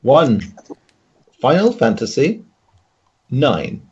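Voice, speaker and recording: A man chairing a casual podcast debate at an unhurried pace, his voice mellow and dark. He laughs often and stumbles through fillers as he keeps things moving. The sound is muffled and lo-fi, like a streamed call. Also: mid-range voice, wildly swooping pitch. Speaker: debate host.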